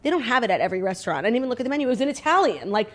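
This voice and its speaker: A woman's voice: fairly high pitch, very animated, very fast, fairly bright tone. A young American woman co-hosting a podcast, telling rambling stories full of "like" in casual chat. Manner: rambling storyteller, heavy use of "like". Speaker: podcast co-host.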